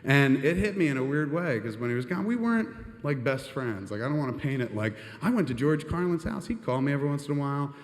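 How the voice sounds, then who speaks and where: Man, live stage storytelling, rambling, profane, mid-pitched, long hall reverb. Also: lively intonation, quick pace. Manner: rambling, profane, peppered with "and shit". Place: stage in a venue. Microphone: handheld microphone.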